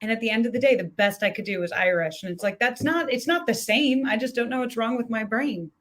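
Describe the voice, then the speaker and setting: A woman's voice: on the high side, a little fast. Female author guest, chatty, self-mocking, heard over a video call. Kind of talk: casual chat.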